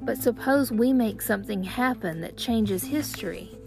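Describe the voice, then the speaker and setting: A woman doing a worried young boy, high. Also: normal speed, creaky, a little mellow, faint music behind. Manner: earnest and worried. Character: anxious modern boy, tearful and worried.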